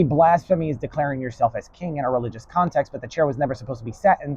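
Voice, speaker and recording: A man's voice: a little high, mellow, dry recording, rough recording. A man giving a rambling spoken lesson in a stern, blunt and profane way. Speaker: lecturer.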